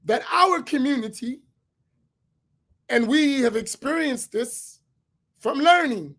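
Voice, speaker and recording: A man's voice: very high voice, lively intonation, takes it slowly, fairly bright tone. A man speaking as an imam, giving an emphatic lecture-style sermon and repeating his key points. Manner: asks for slides to be put up.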